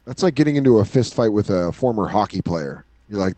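A young adult man co-hosting a comedy podcast, animated and swearing, acting out quoted voices. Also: lowish voice, a little fast, hardly any pauses, dry recording. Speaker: podcast co-host. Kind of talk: casual comedic banter.

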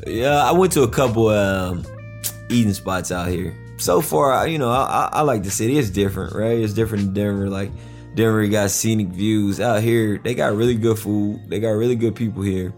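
Easygoing man with a low voice. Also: moderate pace, darkish tone, faint music behind. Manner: easygoing, storytelling, amused. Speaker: football player. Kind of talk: casual interview chat.

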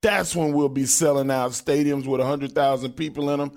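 A man's voice: mid-range voice, fairly even intonation, a little fast, darkish tone. A middle-aged man, a former wrestler co-hosting a podcast, talking in a fired-up, blunt, profane way. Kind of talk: casual chat.

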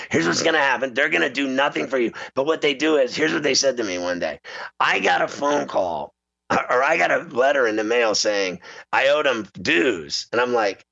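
A male show host telling a comic rant in a loose, animated way, laughing often as he goes. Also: medium pitch, gravelly. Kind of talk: casual comedic rant. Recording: slightly muffled lo-fi sound.

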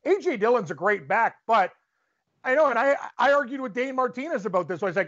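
A man from Canada holds forth on a sports podcast with a high, lively voice. He rants with strong opinions. The audio is dull and lo-fi. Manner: animated, opinionated, quick to rant. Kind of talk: casual sports debate.

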